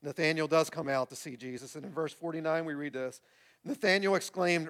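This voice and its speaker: A man's voice: a little high, normal speed, fairly bright tone. A man preaching a sermon as pastor, emphatic and repeating key words to rouse the room. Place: church.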